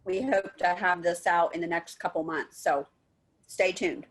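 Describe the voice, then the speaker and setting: A woman's voice: on the low side, fairly even intonation, unhurried. A woman on a webinar call, talking casually about her co-op center's work with many fillers and restarts. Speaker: co-op center staff, building a database. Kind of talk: webinar discussion. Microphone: video call.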